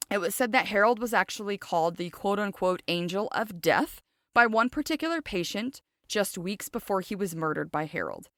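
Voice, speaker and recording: A woman's voice: medium pitch, a bit bright, dry recording, studio quality. A woman hosting a true crime podcast, narrating a case casually with chatty personal asides and questions to her listeners.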